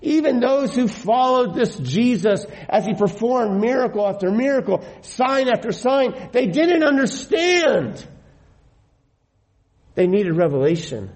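A man's voice: very high-pitched, very animated, unhurried, a little mellow, low-quality recording. A middle-aged man preaching a sermon as pastor, earnest and emphatic, often repeating his phrases for weight.

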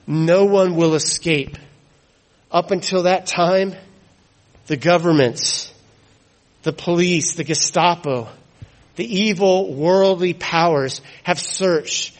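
Man, preacher, sermon, emphatic repetition, unhurried delivery, higher-pitched voice. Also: poor audio. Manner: emphatic, repeats key phrases, drops to hushed tones.

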